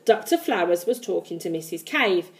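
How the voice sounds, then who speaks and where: A woman reading a children's book aloud with lively storytelling. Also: lowish voice, normal speed. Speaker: reader.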